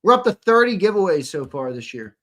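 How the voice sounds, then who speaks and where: A man's voice: sits high, big pitch swings, fairly quick, fairly bright tone. A young man co-hosting a live fan show, chatting loosely with viewers, swearing and repeating his lines as he reads comments. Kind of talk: casual live-stream chat reading comments.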